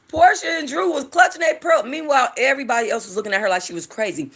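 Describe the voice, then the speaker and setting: A woman hosting casual gossip commentary about reality TV, chatty, animated and profane. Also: sits high, fast, hardly any pauses, husky. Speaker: host.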